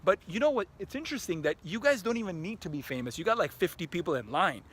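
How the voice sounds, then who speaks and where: A man putting on a brash fake celebrity food vlogger, loud, cocky and over-friendly, while recording outdoors at a park tennis court. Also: high voice, very animated, quick pace, breathy edge, pitched above the performer's own voice, heavily acted.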